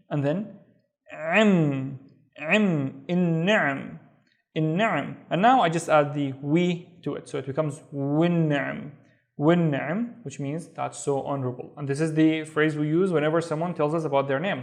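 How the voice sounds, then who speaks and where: Male teacher, fairly high voice, slow syllable-by-syllable repetition, patient. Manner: patient, sounds out syllables slowly and repeats them. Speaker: Arabic teacher. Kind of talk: slow step-by-step reading lesson.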